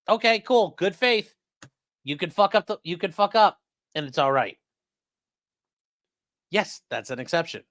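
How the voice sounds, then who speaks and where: A man's voice: high voice, expressive, measured pace, pauses often, a bit bright, no echo. A man casually commenting on court cases for a livestream chat, sarcastic and blunt, with the odd curse. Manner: sarcastic, talks straight to chat, swears. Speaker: streamer discussing court cases.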